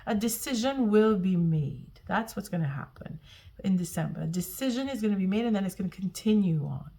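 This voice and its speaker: A woman's voice: medium pitch, darkish tone. A woman giving a tarot reading to her viewers, earnest and reassuring, often repeating and restarting her phrases. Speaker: tarot reader.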